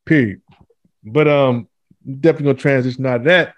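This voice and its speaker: A man's voice: medium pitch, fairly quick, dry recording, lo-fi sound. Laid-back man hosting a chat. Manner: loose storytelling with animated quoted voices. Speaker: podcast host. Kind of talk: casual chat.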